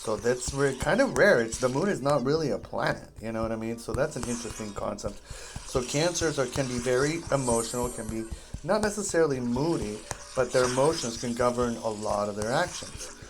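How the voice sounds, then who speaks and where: A man's voice: medium pitch, expressive, a little fast, background noise. A man giving rambling casual commentary to viewers while he plays a game, wandering from topic to topic and breaking off mid-sentence. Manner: meandering, self-interrupting, talks to viewers. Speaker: gaming streamer.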